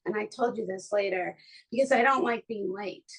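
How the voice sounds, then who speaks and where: A woman with a husky, mid-range voice speaks at normal speed on a rough recording. Hosting a podcast from her home studio, she chats casually and effusively, full of emotion and many restarts.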